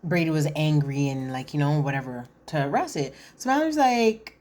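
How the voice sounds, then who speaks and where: A woman's voice: low-pitched, lively intonation, normal speed, a little mellow. Chatty, opinionated woman recapping TV. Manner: chatty and opinionated, acts out quotes, often says "listen". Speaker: reality TV commentator. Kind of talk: casual recap commentary.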